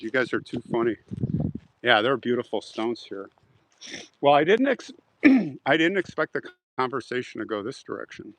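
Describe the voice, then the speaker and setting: A man on a live outdoor stream, chatting casually and joking with his viewers, now and then clearing his throat. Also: mid-range voice, a bit bright, dry recording, rough recording. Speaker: vlogger reading live chat. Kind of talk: casual live-stream chat while walking a cemetery. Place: outdoor cemetery.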